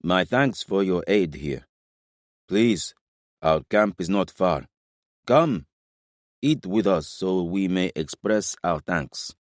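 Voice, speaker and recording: A man's voice: deep voice, expressive, slow, long pauses, no echo, studio quality. A man voicing a stern warrior king who growls his commands. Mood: commanding. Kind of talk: audiobook character voice.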